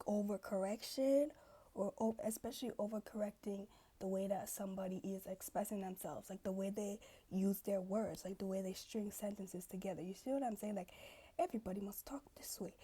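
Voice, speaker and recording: A woman's voice: medium pitch, mellow, breathy edge. A woman vlogging in a casual, chatty storytelling way, full of asides and fillers, acting out the voices of people she quotes.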